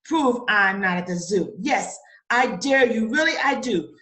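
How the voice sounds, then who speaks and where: A woman's voice: a little high, lively intonation, unhurried, bright, forceful tone. A woman playing a man indignant at a snake in his garden, blustering in theatrical rhyming outbursts, in an audio theater play. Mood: mocking, threatening. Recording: roomy echo.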